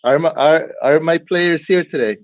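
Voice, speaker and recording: A man's voice: a little high, moderate pace. Livestream host, male, rambling and laughing, lo-fi dull audio. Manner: rambling, laughs often, hype announcer bursts. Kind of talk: casual livestream chat.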